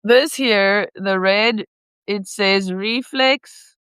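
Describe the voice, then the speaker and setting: Chatty woman vlogger, playful and rambling, smooth clear voice, dry close sound. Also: medium pitch, very slow, fairly bright tone, no echo. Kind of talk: casual chat, reading viewer comments.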